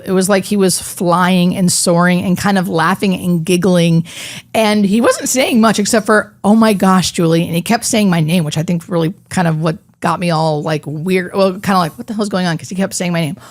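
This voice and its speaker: Soft-spoken woman, a hospice nurse recounting a story. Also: lowish voice, no room sound, studio quality. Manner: emotional, halting storytelling with many fillers. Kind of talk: interview storytelling.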